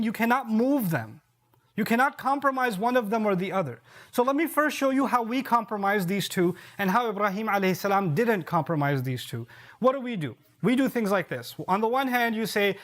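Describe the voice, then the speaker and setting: A man preacher giving a sermon, explaining verses through rhetorical questions and repeated key points, with quick Arabic recitation. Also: extremely high pitch, expressive.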